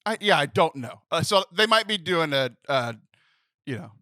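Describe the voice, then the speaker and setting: A man in his thirties hosting a podcast, telling a comic story with animated, laughing delivery and exasperated outbursts. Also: on the high side, normal speed, dry recording, studio quality. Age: 30s. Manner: animated, laughing, acts out phone voices in exasperated bursts. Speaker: podcast host. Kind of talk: comedic storytelling chat.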